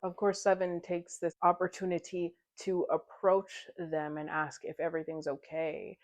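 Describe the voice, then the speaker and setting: A woman's voice: on the low side, little pitch movement, normal speed. A woman casually recapping a novel in a chatty, giggly way, slipping into the characters' lines as she retells the plot. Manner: chatty retelling, slips into quoted dialogue. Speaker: book club vlogger.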